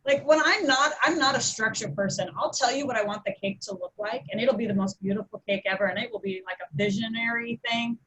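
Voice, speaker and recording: A woman hosting a casual community panel discussion, talking with enthusiasm and animated emphasis. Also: on the high side, a little fast, few pauses, breathy edge, low-quality recording. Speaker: host of a community webinar.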